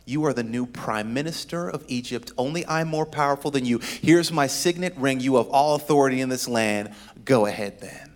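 A man's voice: medium pitch, moderate pace, natural voice. A man voicing a commanding ancient king, in a casual, matter-of-fact way.

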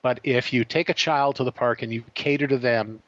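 Man, interview guest, lively storyteller, dry and dull-sounding recording. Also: medium pitch, fairly quick, dry recording. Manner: animated, acts out quoted voices. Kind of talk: storytelling anecdote.

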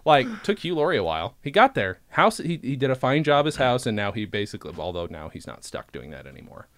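A casual man hosting a podcast chat, talking in lively rambling asides and swearing freely. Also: mid-range voice, fast, no room sound. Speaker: podcast host.

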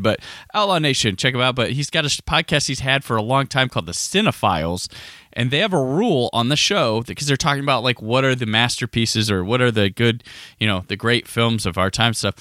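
A man's voice: brisk, no echo, clean studio sound. A man hosting a casual podcast, talking in a rambling way with many restarts. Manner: rambling, restarts, lively pitch. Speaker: podcast host.

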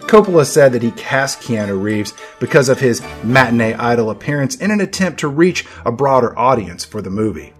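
A man's voice: mid-range voice, expressive, brisk, few pauses, soft background music. A man hosting a movie podcast, narrating scripted film history with playful, dramatic emphasis. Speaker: podcast host.

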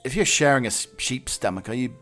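A Scottish man musing aloud in a loose comic monologue, drifting from one tangent to the next. His voice is bright and forceful. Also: medium pitch, animated, fast, soft background music. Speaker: podcast host.

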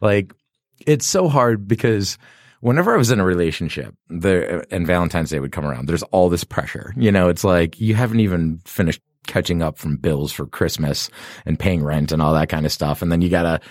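Deep-voiced man telling stories. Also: animated, a little fast, no echo, studio quality. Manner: rambling storyteller, laughs often, self-deprecating. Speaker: podcast host. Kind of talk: casual chat.

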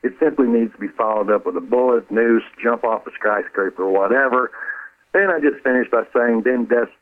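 Male author guest, earnest and halting, heard over a tinny phone line. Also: medium pitch. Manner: earnest, halting, repeats words. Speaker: author and former counselor, guest. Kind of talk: radio interview over the phone.

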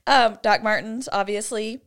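A woman in her forties co-hosts a podcast, chatting casually, giggling a lot, and quoting movie lines in put-on voices. She speaks unhurriedly in a smooth, fairly bright, medium-pitched voice with fairly even intonation.

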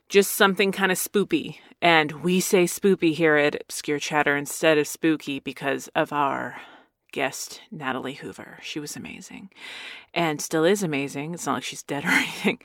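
A rambling, chatty woman hosts a solo podcast episode and laughs often as she talks. Her voice sits a little low. It is recorded close and dry, with no room sound. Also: sharp tone, no room sound. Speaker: podcast host. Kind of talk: casual solo podcast chat.

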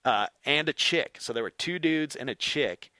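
A middle-aged man, a former motocross racer, telling stories as a podcast guest in an animated way and swearing freely. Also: a little high, moderate pace, dry recording. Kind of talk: casual storytelling.

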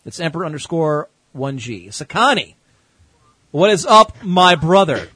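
A man's voice: on the high side, sing-song, a little slow, pushed and bright, breathy edge, rough recording. A man from the United States hosting an online call-in show, laid-back and joking with crude language. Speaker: show host.

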